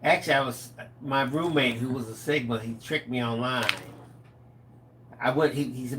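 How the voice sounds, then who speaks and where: A middle-aged man co-hosting a live stream, telling stories in a lively, animated way. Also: mid-range voice, moderate pace, a little hiss or hum. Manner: animated storyteller, acts out quotes. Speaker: co-host of a live craft stream. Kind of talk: casual storytelling chat.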